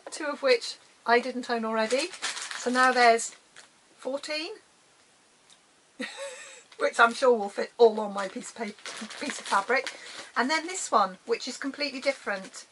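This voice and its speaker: A woman's voice: a little high, a bit bright, slight background noise, rough recording. A middle-aged woman from the UK chatting casually about her crafts, self-deprecating and prone to trailing off and restarting. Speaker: crafting vlogger. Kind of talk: casual chat showing crafts.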